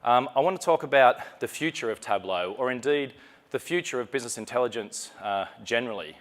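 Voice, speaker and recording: A man's voice: mid-range voice, expressive, a little fast. A man from Australia with an Australian accent, giving a chatty, joking, self-deprecating live conference talk on stage. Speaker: conference presenter. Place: conference session room.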